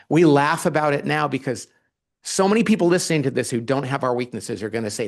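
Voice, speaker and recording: Animated man telling stories. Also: on the high side, a little fast. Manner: animated storytelling, acts out quoted dialogue. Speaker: guest author. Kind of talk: conversational interview.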